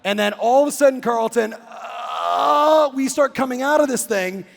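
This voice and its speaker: An excitable male keynote speaker acts out his story on stage and breaks into shouts. His voice is high and gravelly, and he speaks slowly and deliberately. A long reverb from the large hall trails every phrase. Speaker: real estate coach and keynote speaker. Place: big conference hall at a live summit.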